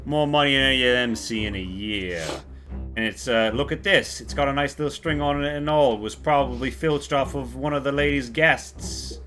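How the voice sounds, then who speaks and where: A man's voice: mid-range voice, moderate pace, pushed and bright, soft background music, pitched above the performer's own voice, lightly acted. A man voicing a swaggering, self-satisfied navy guard in a tabletop game. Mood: smug.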